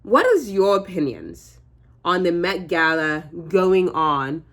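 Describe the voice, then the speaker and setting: Casual young woman doing her makeup on camera, chatty, jokey, kinda rambly, lowish voice. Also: big pitch swings, takes it slowly, a bit bright. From United States. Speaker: beauty vlogger. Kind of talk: casual makeup tutorial chat.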